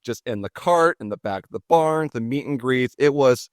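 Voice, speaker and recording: A man's voice: mid-range voice, lively intonation, moderate pace, no echo, studio quality. A man in his forties hosting a podcast, telling stories in a chatty, jokey, self-deprecating way. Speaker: podcast host. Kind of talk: casual storytelling chat.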